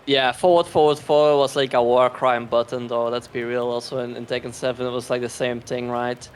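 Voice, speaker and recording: A man's voice: medium pitch, level tone, fairly quick. A man commentating a fighting game tournament in a casual, rambling way, often sarcastic and laughing.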